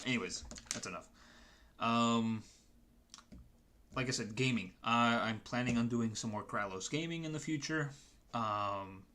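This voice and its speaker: A man's voice: mid-range voice, fairly bright tone, a little hiss or hum. A man chatting casually to his stream viewers as a dungeon master, rambling and hesitant with many restarts.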